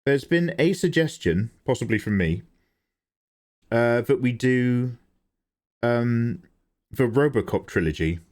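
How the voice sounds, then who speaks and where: Lively joking male livestreamer. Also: medium pitch, slow pace, pauses often. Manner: joking, bantering, swearing casually. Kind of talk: casual livestream chat while drawing.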